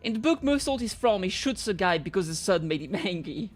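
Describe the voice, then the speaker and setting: A woman's voice: medium pitch, animated, brisk. A young woman streaming a game, chatting casually in a giggly, playful way.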